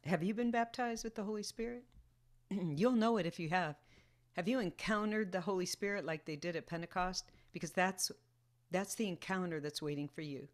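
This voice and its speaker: A woman leading a prayer meeting over a video call, reading scripture aloud and earnestly asking listeners direct questions. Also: on the low side.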